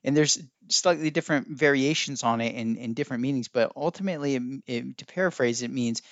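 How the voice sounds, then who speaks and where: A man's voice: medium pitch, a little fast, fairly bright tone, no room sound. A man hosting a solo podcast, talking in a musing, teacherly way that keeps correcting itself. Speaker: podcast host. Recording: dry, dull lo-fi sound.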